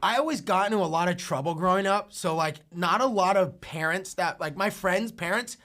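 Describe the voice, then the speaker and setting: High-voiced young man telling stories. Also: fairly quick, sharp tone. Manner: rambling, profane, heavy use of filler like. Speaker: entrepreneur guest. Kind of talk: casual podcast storytelling.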